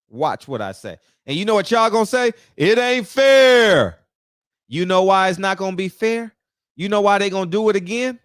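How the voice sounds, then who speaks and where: A man giving an animated, preachy boxing rant, talking straight to the viewers. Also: on the high side, no room sound, clean studio sound. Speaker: boxing commentator. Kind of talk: casual opinion rant.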